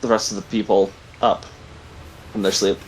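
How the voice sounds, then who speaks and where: A man narrating a tabletop game as game master, halting often with ums and restarts. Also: fairly low pitch, level tone, a little mellow, slight background noise, low-quality recording. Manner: halting, many ums and likes.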